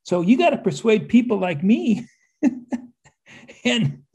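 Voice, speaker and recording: Older male guest from the United States, husky and mellow, wry and rambling. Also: high voice, very animated, slow pace. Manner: rambling, with restarts and wry asides. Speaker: author and historian guest. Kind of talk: conversational interview.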